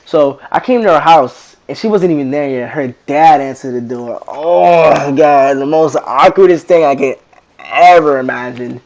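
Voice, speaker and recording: Teenage guy, slangy casual storyteller, fairly high-pitched, animated quoting. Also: normal speed. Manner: slangy, rambling, animated retelling with quoted voices. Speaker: vlogger.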